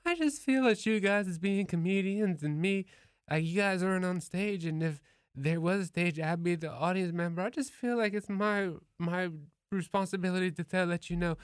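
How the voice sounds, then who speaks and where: A tipsy young woman fan who rambles her earnest praise, as a man puts her on. The voice sits a little high, and the sound is dry and close. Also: moderate pace, smooth, dry recording, natural voice.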